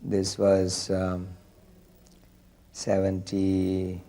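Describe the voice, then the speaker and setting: A man slowly and deliberately recalling his days distributing magazines. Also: low voice, completely flat delivery, mellow. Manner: slow, deliberate. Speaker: devotee recalling memories. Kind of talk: slow reminiscence.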